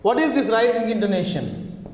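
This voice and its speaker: A male teacher giving a classroom lecture, dictating slowly and repeating key terms, and often checking on his students with "okay" and "right.". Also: very high-pitched, lively intonation, darkish tone, roomy sound, long reverb tail.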